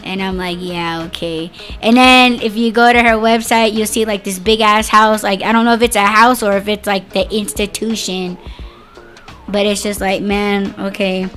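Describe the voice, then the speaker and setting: A woman's voice: medium pitch, little pitch movement, normal speed, a bit bright, faint music behind. A woman podcast host ranting in a casual, profane, sarcastic monologue and often breaking into laughter.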